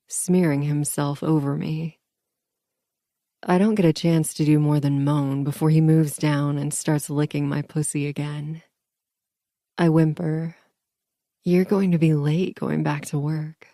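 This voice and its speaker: Woman audiobook narrator, first person, intimate murmur, gravelly, dry close sound. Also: deep voice, warm tone, no echo.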